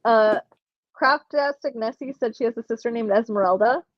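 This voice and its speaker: A woman's voice: fairly high pitch, moderate pace, no room sound, muffled recording. A young woman hosting a casual livestream giveaway, chatting and laughing while reading comments from chat aloud. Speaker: livestream host running a giveaway.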